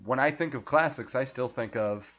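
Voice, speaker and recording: A man's voice: medium pitch, moderate pace, a bit bright, muffled recording. A man co-hosting a casual film discussion podcast, chatty and easygoing, laughing often. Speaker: podcast co-host.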